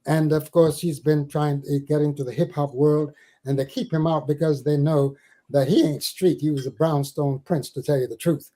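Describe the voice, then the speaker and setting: Older man with a mellow voice, telling stories. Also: on the high side, fairly even intonation, low-quality recording. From Caribbean islands. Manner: slow, theatrical recitation with big swells and drops. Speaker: interview guest, spiritual teacher. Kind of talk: storytelling and dramatic poetry recital.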